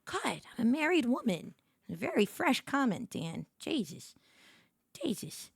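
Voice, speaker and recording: A woman's voice: a little high, very animated, unhurried, gravelly, slightly rough, no room sound, studio quality. A woman hosting a casual reaction stream, giggly and playful as she chats. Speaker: streamer host.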